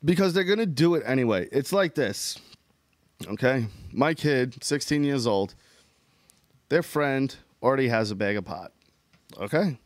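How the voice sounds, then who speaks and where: A man's voice: medium pitch, expressive, measured pace, long pauses, dry recording. A middle-aged man co-hosting a casual chat, plainspoken and laid-back. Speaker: podcast co-host.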